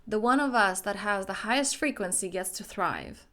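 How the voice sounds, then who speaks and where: A woman's voice: mid-range voice, lively intonation, moderate pace, hardly any pauses, fairly bright tone. A young adult woman, a life coach, giving an emphatic motivational self-help talk, acting out her own inner dialogue.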